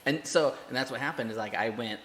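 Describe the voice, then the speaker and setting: A man's voice: medium pitch, fast talker, fairly bright tone, long reverb tail. A man hosting a podcast in casual chat, laughing along and giving short supportive replies. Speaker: podcast host.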